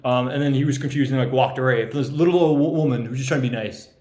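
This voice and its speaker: A man's voice: medium pitch, quick pace, darkish tone, echoey room. A young man roasting his fantasy league friends as he hands out draft grades, teasing and rambling, with lots of ums and laughs at his own jokes. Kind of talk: joking casual roast.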